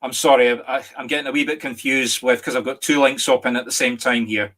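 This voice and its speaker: This middle-aged Scottish man, a medium reading live online, talks fast at medium pitch with fairly even intonation. Gentle and apologetic, he keeps starting over, and emotion catches his voice until he seems almost tearful at times.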